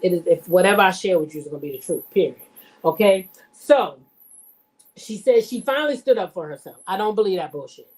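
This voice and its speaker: A reality-TV reaction vlogger speaks briskly in a fairly low, darkish, animated voice. Facing her viewers directly, she tells casual stories and offers blunt, profane, emphatic commentary.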